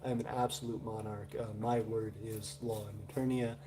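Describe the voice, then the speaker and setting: A man's voice: lowish voice, little pitch movement, brisk, background noise. A man with a Southern US accent, hosting a live stream and chatting loosely through viewer comments with many filler sounds. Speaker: livestream host. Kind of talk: casual live chat reading viewer comments.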